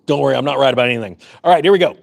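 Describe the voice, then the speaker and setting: A man's voice: mid-range voice, rapid-fire, creaky. A man giving sarcastic, jokey commentary on economic news, breaking into mock voices. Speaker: finance YouTuber.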